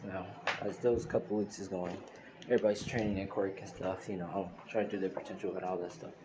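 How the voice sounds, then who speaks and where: A man's voice: low voice, level tone, brisk. A man narrating a fan-made story in a loose, rambling way with many fillers. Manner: loose, filler-heavy retelling. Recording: noisy screen-recorded phone audio.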